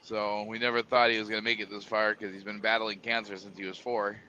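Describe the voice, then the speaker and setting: A man's voice: on the low side, little pitch movement, a little fast, bright, forceful tone. A man calling into a livestream, chatting in a plain, informal way. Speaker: caller. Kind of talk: casual livestream chat. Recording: muffled call audio with faint hiss.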